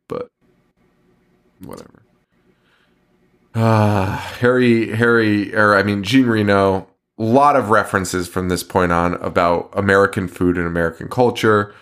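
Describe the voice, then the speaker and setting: A man's voice: deep voice, fairly bright tone. A man co-hosting a horror podcast in casual chat, ranting with lots of swearing and laughter. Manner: profane, ranting, laughing often. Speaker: podcast co-host.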